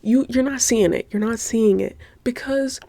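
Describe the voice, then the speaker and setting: Excitable, giggly woman gushing on a podcast. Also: on the high side, moderate pace, vocal fry, no room sound. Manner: excitable, gushing, swears a lot, slangy; giggly, breaks into laughter. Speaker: podcast host. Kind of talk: casual solo podcast rant.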